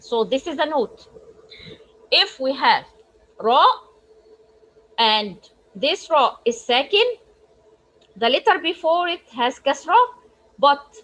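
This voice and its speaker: High-voiced woman teaching recitation rules. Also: a bit bright, low-quality recording. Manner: explains slowly with frequent restarts, models Arabic words aloud. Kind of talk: online tajweed lesson.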